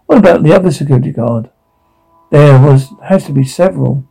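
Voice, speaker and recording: A captive young woman, panicked and furious, spitting threats at her captor, voiced by a man. The tone is gravelly and husky, fitting a dark audio drama. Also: on the high side, fairly quick, soft background music, poor audio. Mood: defiant. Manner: shouting threats, panicked pleading.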